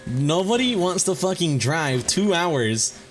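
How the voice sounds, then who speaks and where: A man's voice: on the high side, big pitch swings, slow, faint music behind. A young man ranting casually to his viewers as a vlogger, exasperated and emphatic, swearing often and using slang.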